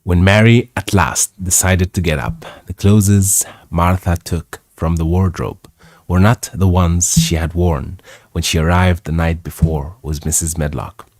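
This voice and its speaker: A man's voice: low-pitched, fairly even intonation, darkish tone, dry recording, clean studio sound. A man whose first language is Arabic, reading a classic novel aloud live and stopping to comment on its wording. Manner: slow, reflective, chuckles at the text. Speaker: English reading host.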